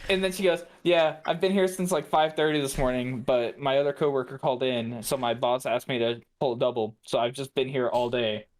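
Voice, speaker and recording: A man's voice: medium pitch, steady tone, a little fast, few pauses. A man co-hosting a podcast, telling a profane story in casual chat. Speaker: podcast co-host.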